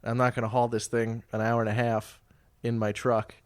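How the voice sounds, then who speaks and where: A man tells a story in a casual podcast chat, slipping into quoted voices and laughing along the way. His voice sits at an ordinary middle pitch. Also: moderate pace, clean tone. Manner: animated storyteller acting out quotes, laughing often. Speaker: podcast co-host.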